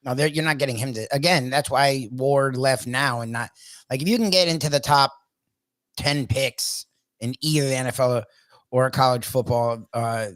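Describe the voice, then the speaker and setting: A man co-hosting a casual sports talk show, excitable, laughing often and talking in quick bursts full of "like". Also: mid-range voice, no echo.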